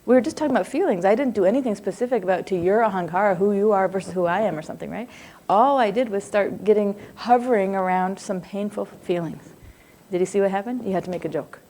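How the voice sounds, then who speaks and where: A woman's voice: mid-range voice, quick pace, dark tone. A woman, middle-aged, teaches a psychology class in a conversational, roundabout manner. She drifts into asides, laughs easily and keeps asking her students if they follow. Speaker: psychology lecturer. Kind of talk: live class lecture.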